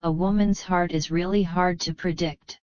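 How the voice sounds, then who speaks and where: A woman's voice: fairly low pitch, steady tone, normal speed, a little mellow, clear, resonant tone, no room sound, natural voice. A woman reading as a cheeky young male martial hero. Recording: slightly dull, muffled.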